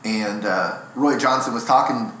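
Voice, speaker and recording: This young stand-up, a guest in a casual interview, talks a little slowly in a medium-pitched voice with a sharp, bright quality. His long, self-mocking tales wander freely. An echoey room and a light hiss color the sound.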